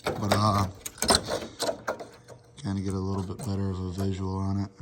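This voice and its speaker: A hoarse young man filming on his phone in a garage, casually explaining his work step by step and swearing now and then. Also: sits low, completely flat delivery, moderate pace, heavy background noise. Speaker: car builder explaining his project. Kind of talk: casual how-to narration.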